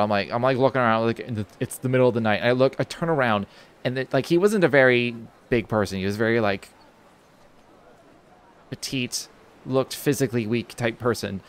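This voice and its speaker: While gaming on stream, a young man with a smooth, medium-pitched voice rambles through a casual story at a slightly quick pace. His telling is full of restarts and filler words, with casual swearing mixed in.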